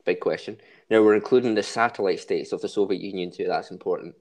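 A man's voice: deep voice, fast, a little mellow. A man hosting a podcast in jokey, rambling casual chat. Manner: jokey, rambling, with false starts. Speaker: podcast host.

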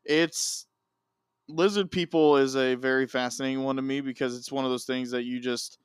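A man's voice: medium pitch, fairly even intonation, normal speed, smooth, no echo, clean studio sound. A man co-hosting a podcast in casual chat, laid-back and recounting stories at length. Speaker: podcast co-host.

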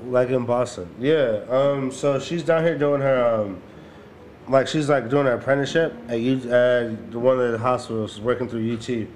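A man's voice: mid-range voice, steady tone, normal speed, darkish tone, slight background noise. A man co-hosting a podcast, telling rambling stories in casual, profane slang. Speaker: podcast co-host. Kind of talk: casual chat.

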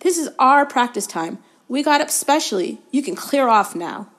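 Brief: woman reader doing a hot-tempered teenage captain, high and loud, bellowing orders. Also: expressive, normal speed. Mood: outraged. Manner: forceful, bellowing, indignant. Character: intense teenage boy team captain, driven and quick to anger.

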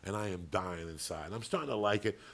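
A man's voice: deep voice, fairly quick, vocal fry. A man co-hosting a podcast, telling a long story in a casual, profane, rambling way. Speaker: podcast co-host.

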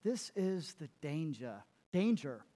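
A man's voice: high-pitched, animated, moderate pace. A man preaching a sermon as pastor, emphatic, repeating words and laughing at himself.

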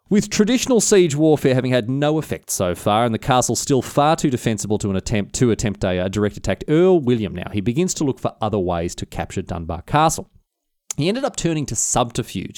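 A man telling history with irreverent, slangy humor. His pitch is lively and animated. The close mic makes it sound dry. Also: dry recording. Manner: irreverent, slangy, with many restarts. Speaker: podcast host. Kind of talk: comedic history storytelling.

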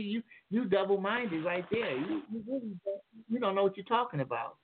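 A man's voice: high-pitched, fast. A man calling in to a radio talk show, explaining at length in a rambling, lecturing way with many restarts. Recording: tinny phone line.

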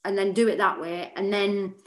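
An actress chats freely as an interview guest, her voice at a middling pitch. She talks in quick, animated bursts and keeps restarting sentences. The room around her has a noticeable echo. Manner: chatty, animated, frequent restarts. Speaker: actor, podcast guest. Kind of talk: casual interview chat. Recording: roomy echo.

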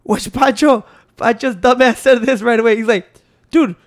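A man hosting a podcast into a microphone, telling stories in excitable, profane casual chat. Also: extremely high pitch, moderate pace. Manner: excitable, swearing, storytelling with restarts. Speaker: podcast host.

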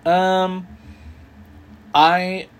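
A man co-hosting a casual podcast, talking in an animated, joking way and swearing freely. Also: high voice, very slow. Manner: animated, profane, jokey. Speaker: podcast co-host. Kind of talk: casual chat.

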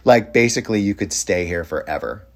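A man telling a rambling story in a casual way, with many fillers and lively quoted voices. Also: sits low, brisk.

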